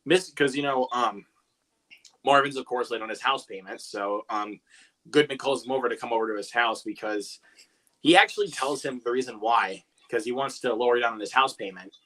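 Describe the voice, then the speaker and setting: A man joining a live chat as co-host, retelling things in a playful, rambling manner. His voice is of middling pitch and plain tone. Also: brisk, sharp tone.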